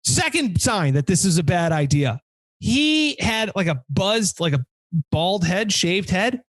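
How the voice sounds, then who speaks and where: Man, podcast host, lively swooping voice, dry close sound, swears, acts out characters. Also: high voice, unhurried, dry recording. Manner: animated, swears a lot, acts out quoted people. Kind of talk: casual storytelling chat.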